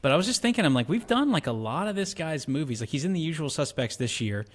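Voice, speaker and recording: A man co-hosting a podcast, telling stories in animated casual chat, saying "dude" and "like" a lot. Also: fairly high pitch. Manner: fast, animated storytelling with "dude" and "like". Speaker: podcast co-host.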